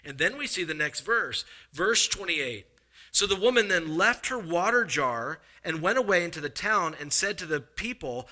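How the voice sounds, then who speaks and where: A man preaching a sermon, animated and expressive, acting out the people he quotes with big swings in pitch and loudness. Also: normal speed. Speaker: pastor.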